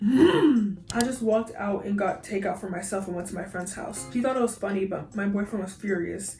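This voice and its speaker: A woman's voice: medium pitch, expressive, moderate pace, dark tone. Young woman YouTuber, laughing, slangy reactions, roomy echo, faint music under. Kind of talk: reading online posts aloud with reactions.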